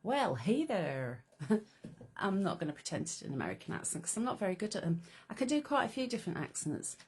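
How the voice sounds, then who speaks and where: A woman's voice: medium pitch, sing-song, quick pace, a little mellow, husky. A woman hosting a casual live craft stream, chatting away and greeting viewers by name. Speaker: livestream host.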